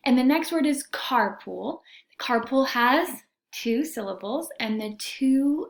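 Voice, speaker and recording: A woman teacher giving a recorded reading lesson to young students, sounding out letters and vowel sounds with slow, careful diction. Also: a little high, animated.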